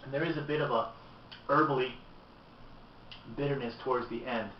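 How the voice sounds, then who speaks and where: A man chatting candidly through a beer review, sitting back from a camera mic in an echoey room. The sound is dull and lo-fi, with a faint hum of room noise behind him. His voice sits at an ordinary middle pitch. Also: steady tone, normal speed. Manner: chatty and candid, tasting as he talks. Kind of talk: casual video review. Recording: roomy, distant, dull lo-fi camera audio.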